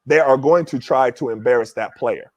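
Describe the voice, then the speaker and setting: A man's voice: medium pitch, moderate pace, no room sound. A former pro basketball player telling a story in casual chat, acting out what others said and peppering his talk with "you know" and "right?". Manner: animated, acts out other people's words.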